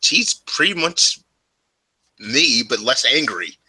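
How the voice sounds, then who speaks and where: A man co-hosting a casual podcast, laughing often and breaking into high voices to mimic people. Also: sing-song, takes it slowly, sharp tone, breathy edge, no echo, poor audio. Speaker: podcast co-host. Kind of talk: casual chat.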